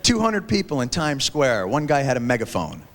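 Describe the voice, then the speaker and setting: A man performing a stand-up comedy set, animated and shouting his punchlines. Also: medium pitch, moderate pace, background noise. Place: large theater stage with audience. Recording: 1990s VHS TV broadcast, hall reverb, laughing crowd. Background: audience laughter.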